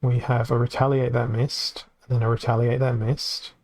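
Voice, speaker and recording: A man's voice: medium pitch, little pitch movement, moderate pace, darkish tone. A man with an Australian accent giving casual live-stream commentary on a card game, chatty and reacting aloud as it plays out.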